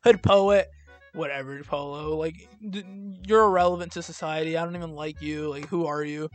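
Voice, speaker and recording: A man's voice: on the high side, steady tone, normal speed, soft background music. A young man giving casual, blunt and sarcastic commentary as he ranks albums, rambling with lots of fillers. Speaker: video creator ranking albums. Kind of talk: casual rant-style commentary.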